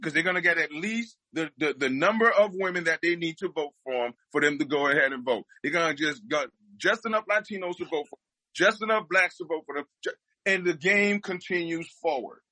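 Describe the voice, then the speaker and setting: A man's voice: a little high, a little fast, pushed and bright, no echo, rough recording. A man speaking as a guest, giving impassioned political commentary and repeating his points for emphasis.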